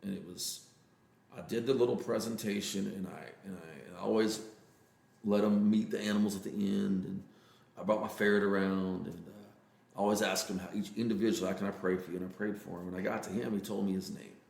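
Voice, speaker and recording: A Texan man talks in a low, gravelly voice, earnest and halting, with plenty of fillers. The room behind him is echoey and a little hollow. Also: steady tone, a little mellow. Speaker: interview guest. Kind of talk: casual storytelling interview.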